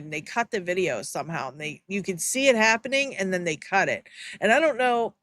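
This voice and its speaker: A woman commentating on a livestream in a casual, mocking way, blunt and quick to laugh. Her voice sits in a mid range. The sound is dry and close-miked. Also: mid-range voice, fairly bright tone, no echo.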